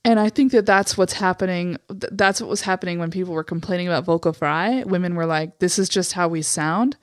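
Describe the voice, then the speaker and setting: A young adult woman from Montana with vocal fry and a slightly raspy voice, co-hosting a podcast in candid casual chat full of "like" fillers. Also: fairly low pitch, brisk, no echo, clean studio sound. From Eastern Montana, USA. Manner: candid, frequent "like" fillers, swears freely. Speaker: podcast co-host.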